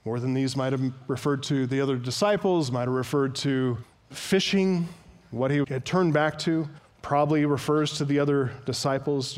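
A man's voice: fairly high pitch, normal speed. A man preaching an earnest expository sermon as a pastor, reading scripture aloud and explaining it.

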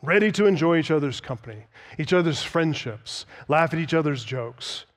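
Man, preacher, higher voice, earnest teaching sermon, emphatic repetition. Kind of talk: expository sermon.

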